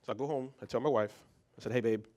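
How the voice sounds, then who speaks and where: A man who is a psychologist, giving a motivational talk as a lively story, often restarting and repeating words. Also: mid-range voice, rapid-fire. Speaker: psychologist and speaker.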